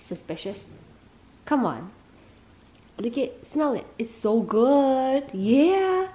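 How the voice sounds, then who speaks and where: A woman's voice: high voice, very animated, slow pace, dark tone, dull audio. A young woman vlogging at home, coaxing her dog in baby talk and chatting to viewers. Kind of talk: casual vlog, talking to her dog.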